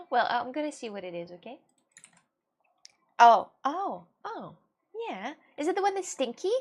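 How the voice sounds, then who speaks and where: A fairly high-voiced young woman whose first language is Russian chats casually with her live viewers. She laughs often and trips over her words, restarting sentences as she reads the chat. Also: sing-song, a little slow, long pauses, husky. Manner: giggly and scattered, with frequent laughs and restarts. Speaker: livestreamer.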